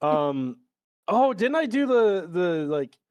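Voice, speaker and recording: Brief: lively co-host, swinging pitch, dry close sound, playful chat. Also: slow, no echo. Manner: animated, playful, laughs often. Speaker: stream co-host. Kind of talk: casual chat.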